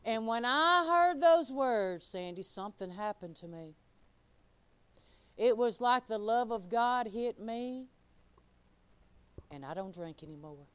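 A woman preaching an informal sermon and giving her testimony. She talks straight to the crowd and swings between soft, quiet asides and loud, emphatic lines. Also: fairly high pitch, lively intonation, takes it slowly, pauses often, clear, resonant tone, no room sound. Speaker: speaker giving a testimony and teaching.

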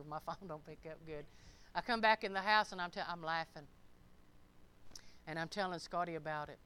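Bright-voiced older woman preaching emphatically. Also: lowish voice, smooth. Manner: emphatic, reads scripture slowly and comments in plain folksy speech. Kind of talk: sermon.

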